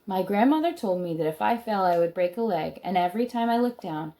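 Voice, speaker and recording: A woman's voice: mid-range voice, animated, a little fast, dark tone. A woman reading a children's book aloud, stopping now and then to add chatty comments of her own. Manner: chatty asides between read passages.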